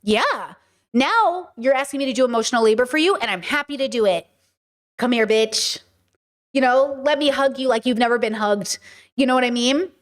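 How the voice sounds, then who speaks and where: Woman, stream host, casual chat, emphatic, filler-heavy, slightly high voice. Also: expressive, brisk. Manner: chatty, emphatic, lots of fillers.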